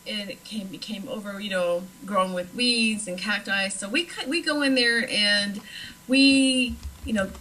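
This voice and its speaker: A woman's voice: medium pitch, a little slow, sharp tone, a little hiss or hum, rough recording. A woman from Nebraska chatting casually as a guest, with frequent fillers. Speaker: paranormal investigator guest. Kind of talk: casual chat.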